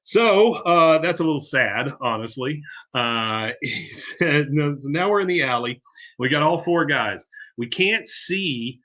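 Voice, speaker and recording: A man's voice: a little high, lively intonation, measured pace, sharp tone. A man hosting a podcast, chattily recapping a cartoon episode and laughing as he retells scenes. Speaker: podcast host.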